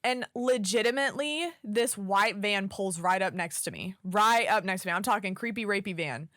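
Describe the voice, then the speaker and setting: Young woman, from Oklahoma, podcast co-host, casual chat, animated storyteller, casual swearing, dry sound. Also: medium pitch, moderate pace, dry recording.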